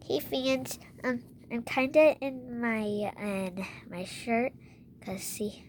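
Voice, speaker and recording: A woman's voice: a little high, steady tone, slow pace. Playful female vlogger, noisy home recording. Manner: playful, switching between doll voices and quiet asides. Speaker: vlogger playing with dolls. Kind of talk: casual doll play narration.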